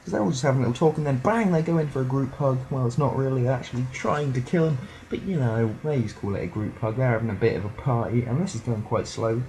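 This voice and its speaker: A man's voice: medium pitch, mellow. A teenage boy, rambling and joking through a let's play commentary. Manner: rambling, joking, does silly voices for game characters. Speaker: gameplay commentator. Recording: poor audio, slightly distant at times.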